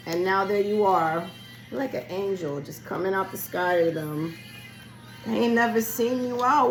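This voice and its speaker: A woman's voice: mid-range voice, lively intonation, normal speed, poor audio. A woman giving a casual spiritual card reading, chatty and loose with her words, talking straight to the listener and losing her voice. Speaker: tarot reader. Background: music playing.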